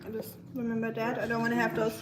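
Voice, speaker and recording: A woman's voice: a little high, monotone, fast, reverberant, a loud crowd, rough recording. A woman from Germany with a German accent, hosting a casual cooking live stream in a chatty, playful, self-mocking way.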